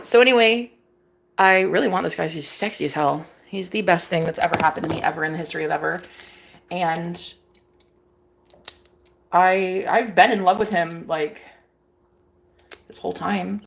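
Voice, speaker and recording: A woman's voice: lowish voice, fairly even intonation, normal speed, creaky, pauses often, background noise. A young woman vlogging to camera, telling a story in a sassy, profane, dramatic way. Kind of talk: casual chat to camera.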